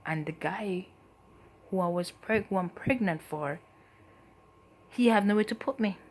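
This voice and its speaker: A woman giving a personal testimony as a mother, in a soft, halting, emotional way that often trails off. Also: mid-range voice. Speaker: mother telling her story.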